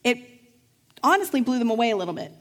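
A middle-aged woman pastor delivering a sermon, telling a lively personal story and acting out the voices of the people in it. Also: fairly high pitch, fast. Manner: storytelling, acts out voices in anecdotes.

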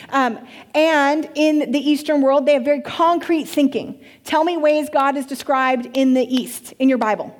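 A woman pastor teaching a church congregation in an animated way, asking the room questions. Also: high-pitched, unhurried.

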